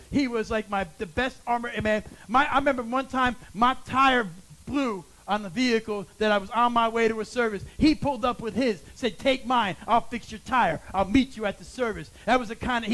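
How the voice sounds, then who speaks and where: High-voiced man preaching a sermon. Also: low-quality recording. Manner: preaching with swings from loud calls to hushed tones. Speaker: pastor.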